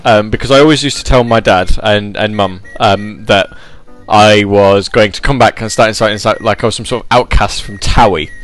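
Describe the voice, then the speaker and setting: A man's voice: lowish voice, fairly even intonation, normal speed, few pauses, a bit bright, faint music behind. A man hosting a casual chat show, rambling and joking with lots of fillers and restarts. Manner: rambling, jokey, puts on silly voices. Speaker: podcast host.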